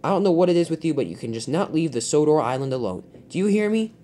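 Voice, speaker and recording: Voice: mid-range voice, sing-song, a little fast, a little mellow, slight background noise, lightly acted. A young storyteller voicing a firm, severe railway controller in a toy-train story. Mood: stern. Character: stern railway boss, a portly controller.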